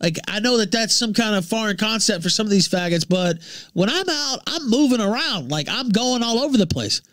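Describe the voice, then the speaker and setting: A man from Memphis, ranting profanely on his livestream, jumping between shouts and low mutters. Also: animated, brisk, no echo, clean studio sound. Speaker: livestream host.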